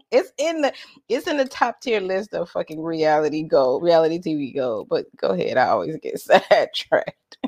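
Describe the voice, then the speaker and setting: A woman's voice: low voice, sing-song, moderate pace, a little mellow, dry recording, clean studio sound. A young adult woman co-hosting a podcast, chatting casually, often laughing and teasing. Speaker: podcast co-host. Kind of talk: casual chat.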